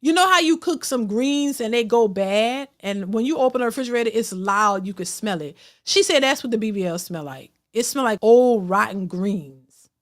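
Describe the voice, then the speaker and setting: Reading super chats on a casual reaction livestream, the host gives her frank opinions with plenty of restarts and repeated phrases. She's outspoken, with a slightly high, animated voice at a moderate pace.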